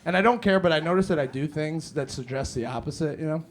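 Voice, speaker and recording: A man's voice: a little high, fast talker. A young man telling profane stand-up stories on a comedy club stage and acting out the dialogue. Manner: loose, profane storytelling with acted-out dialogue. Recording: noisy live club recording.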